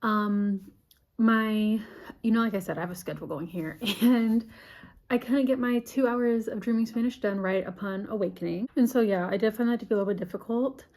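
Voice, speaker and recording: A woman's voice: mid-range voice, fairly quick, a little mellow, a little hiss or hum. A woman in her twenties talking in a casual vlog, chatty and giggly, full of "like". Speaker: vlogger.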